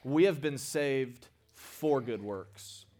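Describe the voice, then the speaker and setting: A man preaching a sermon as pastor, animated, calling the congregation for amens and swinging between hushed asides and loud, excited bursts. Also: medium pitch, slow.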